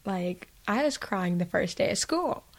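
A woman's voice: medium pitch, lively intonation, unhurried, rough recording. A young woman hosting her own podcast in a chatty, self-mocking way, with lots of fillers. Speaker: podcast host. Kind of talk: casual solo podcast chat.

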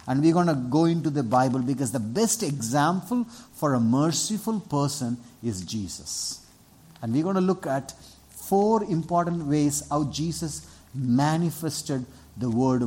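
A man's voice: fairly high pitch, darkish tone. A man with an Indian accent preaching a sermon in church, earnest and repetitive, drawing responses from the congregation. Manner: earnest, repeats himself, asks the congregation for responses. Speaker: pastor.

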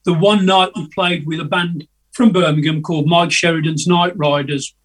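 An older man spins rambling, chatty anecdotes over a video call. his voice sits a touch high and comes out husky and slightly distant from the mic. he hesitates a lot and laughs along at his own stories. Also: fairly even intonation, moderate pace, fairly bright tone. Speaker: guest musician. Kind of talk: casual anecdotal storytelling.

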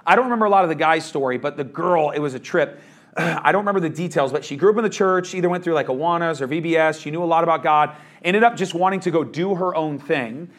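A man's voice: a little high, fast talker, a bit bright. A man preaching a verse-by-verse sermon as pastor, in a casual, conversational manner.

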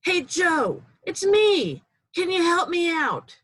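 A woman voicing a desperate man stuck in a hole, shouting up and pleading for help as she tells a joke. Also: high voice, sing-song, slow, exaggerated voice.

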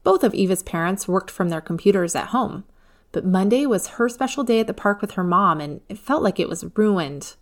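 A woman narrating a children's storybook in a clear, even reading voice. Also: medium pitch, moderate pace.

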